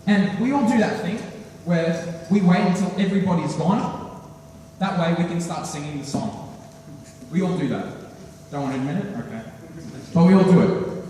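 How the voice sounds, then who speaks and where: Teenage boy, high-voiced stand-up comic, animated delivery; far-off recording in a reverberant hall. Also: normal speed, pauses often, a little hiss or hum. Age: teens. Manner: animated, acts out characters with voice changes. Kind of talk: stand-up comedy routine. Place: school hall at a talent show.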